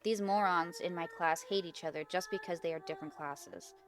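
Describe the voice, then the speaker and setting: A woman reading the lines of a shy, serious young girl in a flat, plain voice over faint background music. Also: fairly low pitch, brisk, lightly acted. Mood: sullen.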